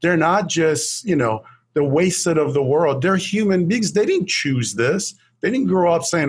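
A man working as an addiction specialist, talking earnestly and warmly about a patient, often repeating words as he searches for them. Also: on the high side, lively intonation, a little slow, hardly any pauses, breathy edge. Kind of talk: earnest storytelling in conversation.

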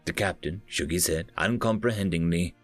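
A man narrating a science fiction story in a measured audiobook style. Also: low voice, soft background music.

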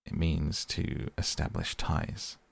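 A man voicing a wary, wise fox in an audiobook reading, calm and explaining. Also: extremely low pitch, slow pace, creaky, slightly rough, heavily acted.

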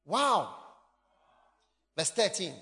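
Man, sermon, high voice, bright tone, emphatic, echoey church hall. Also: extremely slow. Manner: animated, emphatic, bursts into shouts. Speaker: preacher. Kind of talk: sermon reading and explaining scripture.

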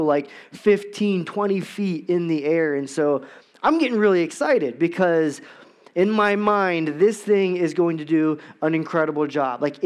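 A man's voice: fairly high pitch, clean tone. A man preaching a sermon, opening with a personal story and moving into rhetorical questions for the congregation. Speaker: pastor.

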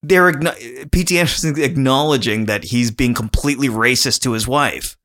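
A man's voice: medium pitch, moderate pace, fairly bright tone. A man co-hosting a casual podcast, talking in a chatty, rambling way and laughing often. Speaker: podcast co-host.

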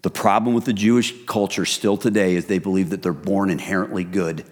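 A middle-aged man preaching a sermon as pastor, in a relaxed, conversational way that speaks to listeners as "you guys". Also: deep voice, a little fast. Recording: reverberant hall.

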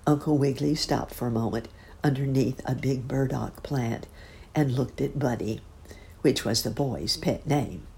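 A woman's voice: extremely low pitch, a little slow, gravelly, warm tone, a little hiss or hum. A woman reading a children's story aloud in a lilting storybook narration.

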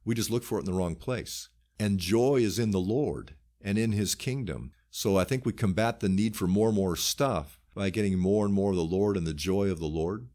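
A man's voice: fairly low pitch, normal speed, hardly any pauses, dark tone. A man who is a pastor, talking earnestly in a casual faith discussion and quoting scripture as he goes. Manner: earnest, quotes scripture often.

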